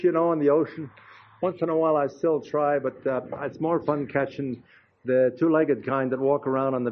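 Older male preacher, folksy storytelling sermon, fairly high voice, dull lo-fi sound. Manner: chatty, anecdotal, frequent "you know" asides. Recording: dull lo-fi recording.

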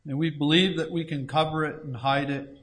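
Male preacher, slightly raised pitch; earnest, pleading sermon delivery with scripture readings. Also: fairly even intonation, brisk, a bit bright. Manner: earnest pleading, reads scripture aloud in old-fashioned wording. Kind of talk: evangelistic sermon.

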